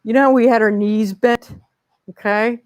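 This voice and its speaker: A woman's voice: on the high side, steady tone, moderate pace, a little mellow. A woman guiding a children's yoga class in a library, chatty and encouraging, often checking in with the kids and laughing along. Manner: cheerful, chatty, encouraging with frequent okays and laughs. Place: library, indoors. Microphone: wearing a microphone.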